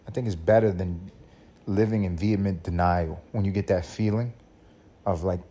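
A man's voice: on the low side, moderate pace, pauses often, dark tone, breathy edge. A man hosting a solo podcast, ranting in a profane, rambling way, laughing at his own points and slipping into mock voices. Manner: mock voices for quoted people. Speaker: podcast host.

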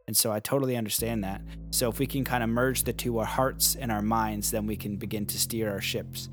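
A man hosting a podcast, closing the episode in a relaxed way with many fillers. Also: lowish voice, a little fast. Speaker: podcast host. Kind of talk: casual outro and sponsor read. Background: faint music.

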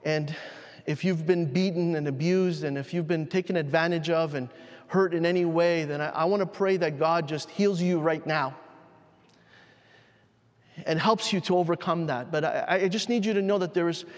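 A man preaching a sermon, telling a personal story in a halting, emotional way with frequent restarts. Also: on the high side. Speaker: pastor. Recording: long hall reverb.

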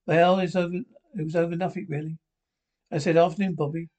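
A man's voice: fairly high pitch, fairly even intonation, a little fast, darkish tone, close to an everyday voice. An actor with a Scottish accent playing a chatty older male pensioner who tells a story in a dry, wry way. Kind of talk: sitcom acting.

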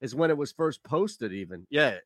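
A man hosting a casual sports talk show, rambling and animated. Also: mid-range voice, normal speed, no echo.

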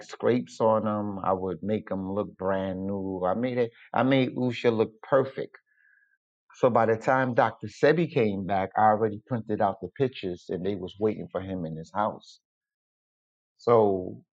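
A man casually telling a personal story, acting out the dialogue as he goes. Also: fairly low pitch. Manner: animated, retells with quoted dialogue. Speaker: guest storyteller. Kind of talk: casual anecdote. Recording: dull lo-fi recording.

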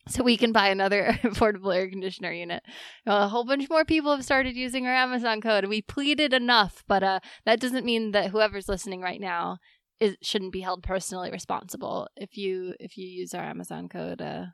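A woman's voice: medium pitch, steady tone, a little fast, gravelly, a bit bright, no echo, clean studio sound. A woman co-hosting a casual podcast, chatty and giggly, with lots of fillers. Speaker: podcast co-host. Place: home office in summer heat.

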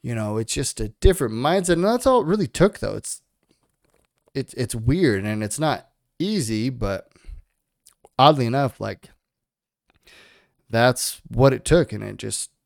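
Gravelly-voiced man swearing through a pep talk. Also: mid-range voice, expressive, a little slow, long pauses, no room sound, clean studio sound. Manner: frank and profane, talking himself up with motivation. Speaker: podcast co-host. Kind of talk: casual podcast talk.

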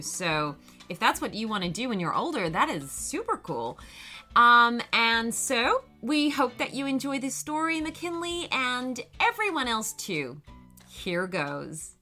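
Brief: woman storyteller, high bright voice, slow, faint music under it. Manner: slow, warm, expressive storytelling. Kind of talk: children's bedtime story narration.

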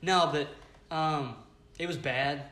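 Jokey young male co-host, bright sharp voice, echoey room, faint noise. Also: on the high side. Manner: jokey, quick asides. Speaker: podcast co-host. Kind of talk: casual banter. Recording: roomy echo with faint noise.

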